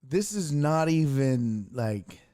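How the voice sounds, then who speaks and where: A man's voice: a little high, very animated, takes it slowly, mellow. A man hosting a casual livestream sports talk show who rants, swears and restarts sentences often. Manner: profane, ranting, restarts often.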